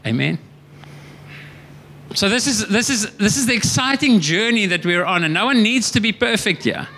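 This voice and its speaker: A man's voice: high-pitched, expressive, moderate pace, bright, forceful tone, slight background noise. A man preaching a sermon as pastor, earnest and emphatic, often repeating and restarting words.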